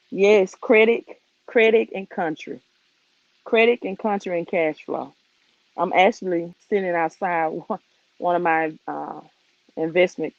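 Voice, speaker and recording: Chatty Southern woman host with a Mississippi accent and a creaky voice, streaming live outdoors from her phone with muffled, dry sound. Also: lowish voice, dry recording. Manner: chatty, loose and conversational, greeting viewers as she goes. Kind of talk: casual live-stream chat.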